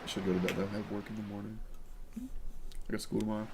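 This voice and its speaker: A young man co-hosting a casual let's play, playful and casually swearing, very expressive. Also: lowish voice, fast. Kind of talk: casual gaming commentary. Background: game music.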